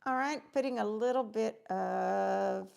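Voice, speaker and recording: A woman's voice: medium pitch, unhurried, gravelly, darkish tone. A middle-aged woman, chatting through a craft demonstration livestream and greeting viewers by name.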